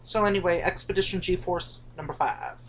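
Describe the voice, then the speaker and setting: A woman's voice: on the low side, normal speed, a little hiss or hum. A woman co-hosting a casual chat about theme park rides, teasing and chatty, recorded indoors. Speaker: co-host of a coaster channel. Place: indoors, dim room at home.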